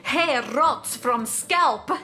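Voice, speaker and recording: A woman voicing a gruff, zealous character who speaks broken English with dropped articles, grumbling and bitter, in a video game. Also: high voice, extremely slow, pushed and bright, exaggerated voice.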